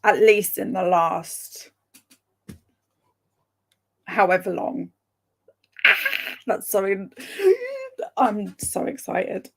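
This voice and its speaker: A woman chatting casually with live viewers, reading out their comments, chatty and excitable, with a gravelly voice. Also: medium pitch. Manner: chatty and excitable, breaks into laughs and sudden whispers. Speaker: streamer reading live chat.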